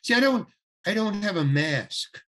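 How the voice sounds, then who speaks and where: An older man, a guest actor, telling a story in a podcast interview, acting out the people he quotes and stumbling over restarts. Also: high voice. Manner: animated anecdote with acted-out quotes, halting restarts.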